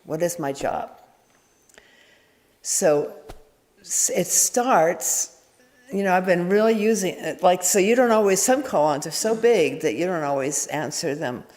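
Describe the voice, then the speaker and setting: A woman's voice: fairly low pitch, lively intonation, measured pace, darkish tone. Woman giving a rambling, candid dharma talk. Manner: meandering and candid, with frequent restarts and chuckles. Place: meditation hall. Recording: echoey hall reverb.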